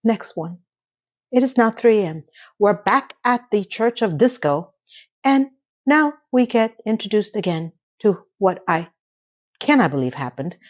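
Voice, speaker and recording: A woman talks through a TV episode in a loose, chatty recap and drops sarcastic asides as she goes. Her pitch sits in an ordinary middle range. The recording sounds slightly dull and lo-fi. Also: sing-song, measured pace. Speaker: TV episode reviewer.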